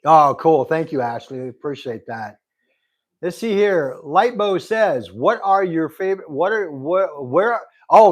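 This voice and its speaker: In Arizona, a middle-aged man hosts a casual livestream, reading viewer comments out loud and thanking people again and again. His voice sits on the high side, animated, at a moderate pace.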